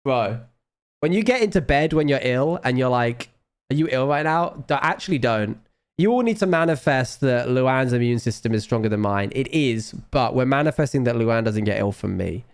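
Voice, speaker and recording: A man chatting casually on a live stream. He is ill and low on energy, and he rambles, trails off and mocks himself. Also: animated, moderate pace, clear, resonant tone. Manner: rambling, self-mocking, trailing off. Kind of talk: casual chat.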